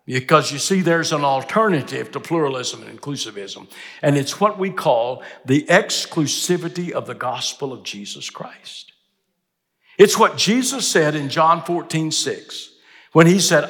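An older man preaching a sermon in a chapel, emphatic, climbing to loud peaks when he quotes scripture. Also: mid-range voice, expressive, moderate pace. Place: seminary chapel. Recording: long hall reverb.

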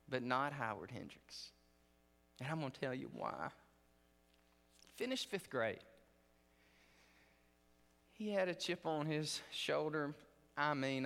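A man preaching in a seminary chapel, telling a story with lively acted-out moments. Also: a little high. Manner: animated storytelling, acts out scenes. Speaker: guest preacher. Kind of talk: sermon. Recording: long reverb of a chapel.

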